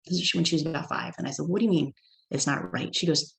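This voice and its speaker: A woman's voice: sits low, fast, gravelly, poor audio. A middle-aged woman from California giving a personal testimony talk as guest speaker, telling a story and acting out her child's lines.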